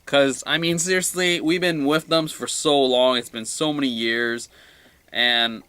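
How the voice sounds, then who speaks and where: A young man talks through his weekly comic picks in a loose, rambling way, excitable one moment and trailing off quietly the next. His voice is bright and forward. The sound is dry and close, with no room around it. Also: medium pitch, a little slow, clear, resonant tone, dry recording. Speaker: comic book reviewer. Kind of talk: casual solo review vlog.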